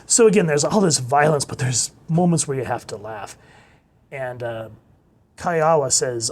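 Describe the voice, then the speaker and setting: A man giving a casual video review of a comic, retelling it excitedly with gasps and exclamations. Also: mid-range voice, normal speed. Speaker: manga reviewer.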